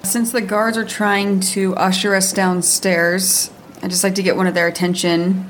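A woman's voice: mid-range voice, flat delivery, normal speed, slight background noise, poor audio. A woman playing a tabletop game, asking questions in a plain, inquisitive way. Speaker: player. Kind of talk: casual chat.

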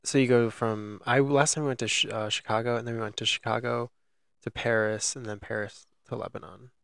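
Young man, gravelly voice, dry close sound, rambling casual chat, lots of fillers. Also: mid-range voice, fairly even intonation, brisk, a bit bright, no room sound. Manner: rambling, filler-heavy storytelling. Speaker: podcast co-host.

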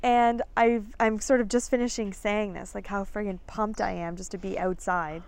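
A woman in her thirties, a podcast host telling a story in an animated, chatty way. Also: medium pitch, moderate pace, gravelly. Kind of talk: casual storytelling chat.

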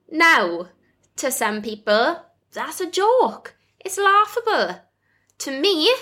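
A woman's voice: high voice, bright, forceful tone. A young British woman hosting her own podcast, talking to listeners in an earnest, effusive and heartfelt way. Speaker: podcast host. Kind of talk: casual solo podcast monologue.

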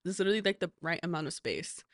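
A woman co-hosting a podcast in a studio, lively and expressive, giggling and saying "like" a lot. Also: on the low side, very fast, dry recording. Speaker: podcast co-host. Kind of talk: casual chat.

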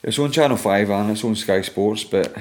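Deep-voiced Scottish man telling stories. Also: normal speed, darkish tone. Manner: swears freely, laughs through stories. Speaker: MMA fighter guest. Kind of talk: casual podcast chat.

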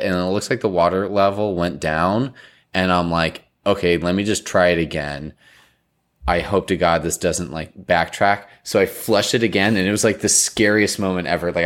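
Deep-voiced young man telling a story. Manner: animated, rambling with many fillers. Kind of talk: casual chat, telling an embarrassing story.

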